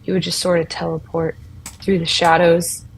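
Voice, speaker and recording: A woman voicing a shy young female champion of a death goddess in a tabletop role-play, speaking haltingly with many restarts. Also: on the low side, little pitch movement, slightly rough, rough recording.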